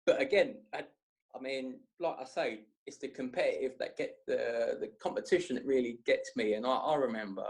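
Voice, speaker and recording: A young man, telling rambling, animated stories in a casual podcast chat. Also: mid-range voice, a little fast, gravelly. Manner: rambling, animated, slangy storyteller. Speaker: podcast guest.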